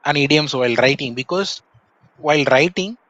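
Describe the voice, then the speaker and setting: A thoughtful Indian man from Tamil Nadu speaks with a Tamil accent in a slightly high, somewhat bright voice, and the recording sounds muffled. He's having a casual conversation, measured and thoughtful, with many pauses and "uh" fillers.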